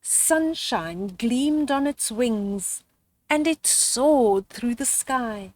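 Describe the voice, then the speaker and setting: An older woman, a grandmotherly storyteller, reads a children's book aloud outdoors in a slow, gentle way. Her pitch rises and falls a great deal as she tells it. The sound is dry and close. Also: animated, no echo.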